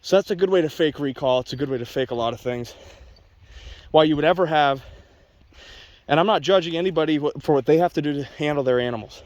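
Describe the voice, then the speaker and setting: A man's voice: a little high, quick pace, no echo. A man, a dog trainer, giving blunt, opinionated casual commentary to viewers while walking outdoors. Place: outdoors on a wet walk with his dog.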